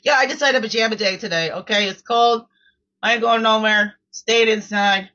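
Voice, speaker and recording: A woman's voice: a little high, moderate pace, sharp tone, muffled recording. A woman hosting her own daily reflection show, reading quotes and chatting casually, often repeating words and asking "right?".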